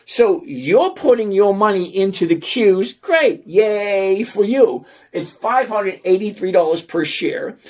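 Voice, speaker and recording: A middle-aged man with a high-pitched voice hosts a stock trading channel, walking through the numbers on screen. His manner is casual, teasing and sarcastic, and he repeats points slowly for emphasis.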